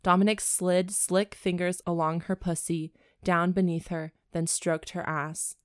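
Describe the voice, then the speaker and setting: A woman's voice: fairly low pitch, little pitch movement, a little slow, clear, resonant tone, dry recording, studio quality. Bawdy woman podcaster reading aloud. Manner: bawdy, joking asides. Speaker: podcast co-host and reader. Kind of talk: reading a romance novel aloud with banter.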